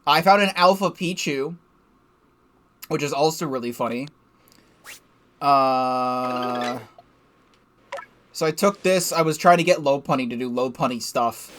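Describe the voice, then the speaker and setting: A man's voice: mid-range voice, unhurried, long pauses, a bit bright, a little hiss or hum. A young man giving casual, rambling game commentary from his desk, swearing freely and laughing at himself. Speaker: let's play gamer.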